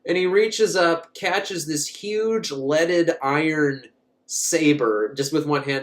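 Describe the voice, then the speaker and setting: A man's voice: a little high, slow. A man recapping a movie in a casual, comic way, rambling, swearing and often laughing. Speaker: movie reviewer.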